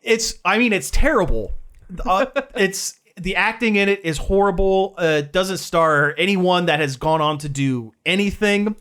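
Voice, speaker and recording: A podcast co-host telling an animated story in casual chat, laughing often. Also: mid-range voice, unhurried.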